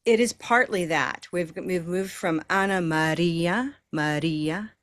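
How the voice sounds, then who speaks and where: An American woman leads an online pronunciation class. She models each phrase slowly and cheers her learners on, in a slightly low voice over a video call. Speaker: pronunciation teacher.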